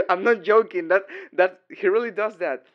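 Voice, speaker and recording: A man's voice: sits high, measured pace, dull audio. Giggly young man. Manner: giggly, rambling, dorky. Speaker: boyfriend in audio role-play. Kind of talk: casual voicemail role-play.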